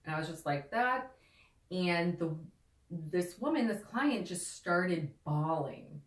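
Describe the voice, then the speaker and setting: A woman's voice: fairly low pitch, lively intonation, takes it slowly. A woman guest who talks about holistic healing in a loose, casual way, filling her speech with "like" and "you know.". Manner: rambling, heavy with "like" and "you know". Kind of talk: casual conversational interview talk. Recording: echoey room.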